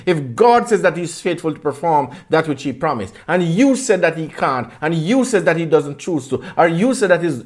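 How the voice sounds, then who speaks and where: Man, preacher, sermon, passionate, rhetorical questions, repeats lines, fairly high voice. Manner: impassioned, rhetorical questions, repeats phrases for emphasis.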